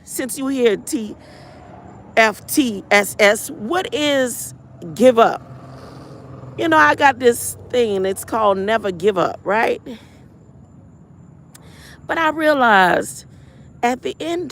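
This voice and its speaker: A woman's voice: on the high side, fairly bright tone, slight background noise. A woman hosting a livestream, rambling and preachy, talking back to her chat and reciting spiritual affirmations. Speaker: livestream host.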